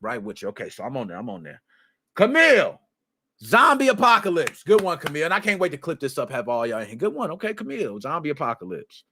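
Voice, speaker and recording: A male streamer chatting casually on a live stream, loud and excitable, breaking into shouts. His voice sits high and sounds bright and sharp, and it swoops up and down all the time. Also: fast, slight background noise. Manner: animated, excitable, shouts often, slangy. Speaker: streamer, podcast host. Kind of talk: casual livestream chat.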